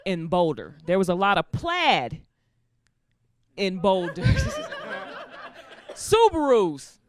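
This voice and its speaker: A woman performing a stand-up comedy set, telling lively stories and acting out characters in put-on voices. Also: mid-range voice, very slow, crowd noise. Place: comedy stage before a laughing audience.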